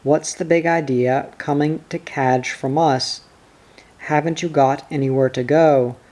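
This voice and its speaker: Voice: medium pitch, steady tone, unhurried, a little mellow, natural voice. A reader doing a harsh, angry farmer husband. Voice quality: harsh, snapping delivery.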